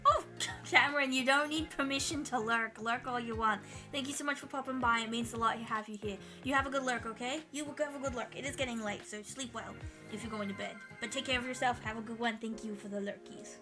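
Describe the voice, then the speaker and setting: A woman's voice: fairly high pitch, brisk, over music. A woman streamer chatting casually with her viewers while she draws, swearing freely and laughing often.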